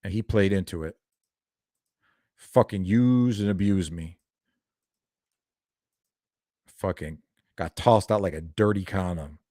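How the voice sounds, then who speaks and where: A man's voice: sits low, slow pace, pauses often, mellow, no room sound, clean studio sound. A young man doing a heated, profane reaction video, ranting and calling people out. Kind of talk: angry reaction commentary.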